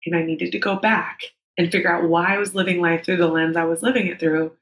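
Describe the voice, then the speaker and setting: A woman's voice: fairly low pitch, fairly even intonation, fast talker, fairly bright tone. A woman in her thirties telling a personal story as a podcast guest, candid and emotional, with frank swearing. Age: 30s. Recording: roomy echo.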